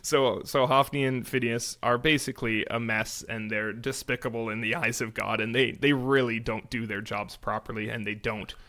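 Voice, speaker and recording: A man with a bright, forceful voice co-hosts a church podcast. He retells scripture in a casual, lively way, full of little restarts and quick asides. His pitch sits in an ordinary middle range. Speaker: podcast co-host. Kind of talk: casual Bible discussion podcast.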